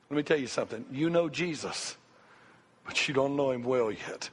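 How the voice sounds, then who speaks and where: Husky man preaching in a reverberant church. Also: medium pitch, expressive, moderate pace. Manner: impassioned, repetitive preaching cadence. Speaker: pastor. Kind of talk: sermon. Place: church sanctuary. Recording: long hall reverb, faint music.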